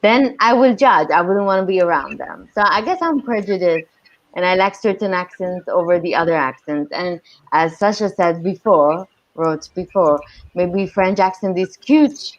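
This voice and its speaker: Woman, podcast co-host, lowish voice, chatty and opinionated, muffled lo-fi sound. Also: moderate pace. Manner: chatty and opinionated, with frequent fillers. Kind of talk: casual podcast discussion.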